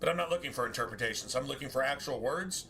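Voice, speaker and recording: Man, game streamer, bright forceful voice, faint background noise, rambling casual chat, self-correcting. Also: mid-range voice, lively intonation, fast talker.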